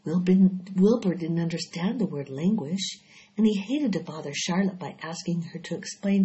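A woman reading a children's chapter book aloud in a measured, gentle way. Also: lowish voice, expressive. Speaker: storyteller. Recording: dull lo-fi recording.

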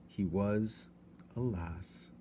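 Low-voiced man reading a storybook aloud. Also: extremely slow, a little hiss or hum. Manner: expressive, shifts to hushed tones.

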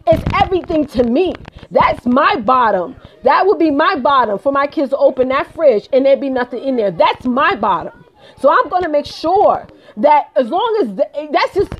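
A home business consultant gives an emphatic motivational live stream, talking straight to viewers and repeating herself. Her voice is high-pitched, and the recording's highs are cut off.

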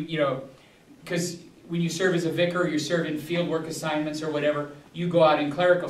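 Pastor teaching a Bible study, male, slightly high voice, digressive delivery, recorded far off in a roomy hall. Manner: rambling, digressive, many restarts and fillers. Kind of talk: casual teaching talk. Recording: echoey room, distant mic.

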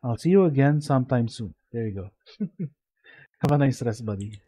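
Though he sounds sleepy, this young Filipino-accented gamer has a mid-range, animated voice with a warm, slightly rough tone at normal speed. He mutters casual commentary to himself as he streams, mixing in Tagalog. There is no echo.

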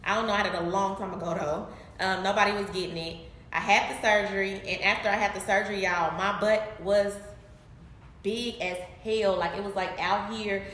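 A woman in her late twenties talks straight to her viewers from home in a loose, chatty way, laughing often and acting out her old reactions. Her voice sits at a middle pitch. The room around her rings with noticeable echo. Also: fairly even intonation, brisk, a bit bright, slight background noise. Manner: chatty, addresses viewers as y'all. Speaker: vlogger. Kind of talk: casual chat to camera. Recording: echoey room.

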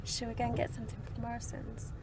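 A woman's voice: fairly high pitch, completely flat delivery, quick pace, background noise. A woman, chatting playfully. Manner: giggly and playful, coaching. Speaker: vlogger. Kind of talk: casual vlog chat, teaching an accent.

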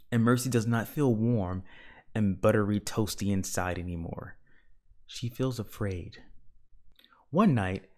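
A man reading a children's picture book aloud with gentle, measured storytelling. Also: on the low side. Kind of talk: children's read-aloud narration.

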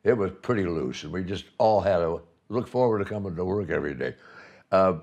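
Older man, lively playful storyteller. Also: low-pitched, brisk, muffled recording. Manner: playful storyteller, laughs often. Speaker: honoree in conversation. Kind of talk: casual reminiscing chat.

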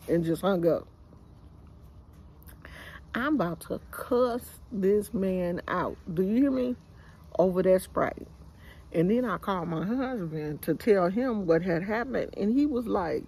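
An older woman with a Bay Area accent chats to her viewers outdoors in her yard, telling a casual story full of slang, filmed on a phone camera she holds herself. Her vlogger voice is on the high side and sing-song, with a measured pace, darkish tone, and breathy edge.

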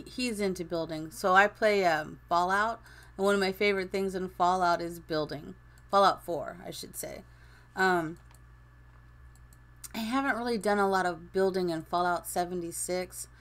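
A woman's voice: mid-range voice, fairly even intonation, moderate pace, a bit bright. Casual woman streamer in her fifties, rambling and laughing as she plays. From Phoenix, Arizona. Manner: chatty, rambling, laughs often. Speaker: streamer and game builder. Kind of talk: casual chat while gaming.

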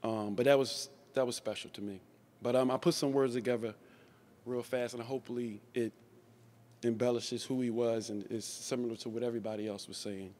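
A man in his forties speaks at a memorial event, sharing stories about his old coach. His pitch sits in the ordinary middle range for a man. He often repeats or restarts his words and laughs along as he talks. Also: fairly even intonation, brisk, darkish tone. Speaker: former player giving a tribute speech. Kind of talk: anecdotal memorial speech.

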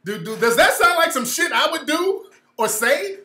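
A man's voice: extremely high pitch, very animated, normal speed, pushed and bright, echoey room. A man hosting a livestream, reacting to a clip with profane, mocking commentary and meek mimicry. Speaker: host.

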